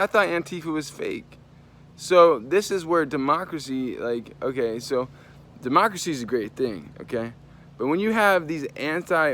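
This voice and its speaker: A man's voice: on the high side, a bit bright, slight background noise. A man telling a story in a casual, profane vlog rant. He talks with animation and often jumps into voices to quote people. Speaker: vlogger.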